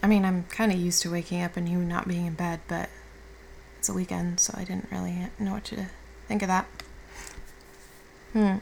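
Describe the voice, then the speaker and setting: A woman playing a caring girlfriend who has just woken up, speaking softly and reassuringly with casual swearing in an audio role-play. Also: lowish voice, flat delivery, normal speed, vocal fry, long pauses, a little hiss or hum, low-quality recording. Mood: tender. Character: affectionate young woman, the listener's caring girlfriend.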